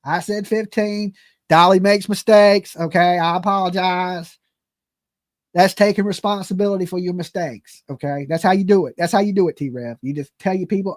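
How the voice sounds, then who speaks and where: A man's voice: high voice, normal speed, no room sound, clean studio sound. Brash laughing commentary host, man. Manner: brash, profane, laughing, repeats "okay?". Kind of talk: casual reaction commentary.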